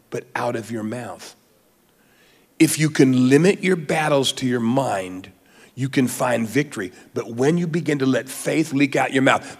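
A man preaching a sermon as pastor of his church, moving from quiet teaching to fervent, rising exhortation. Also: medium pitch, vocal fry, big-room sound.

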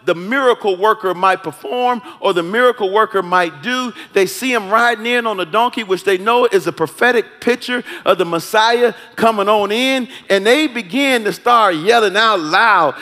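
A man preaching a sermon, moving between slow teaching and loud shouted calls to the congregation. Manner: builds from calm teaching to shouted, high-pitched calls. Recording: long hall reverb.

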